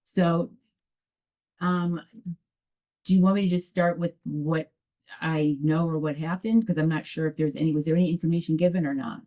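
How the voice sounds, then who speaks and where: At a town meeting, a resident gives public testimony to the town commission, telling her story hesitantly and rambling with many restarts. Her low voice is steady, at a moderate pace with frequent pauses, and the public access broadcast from the meeting room sounds dull and lo-fi.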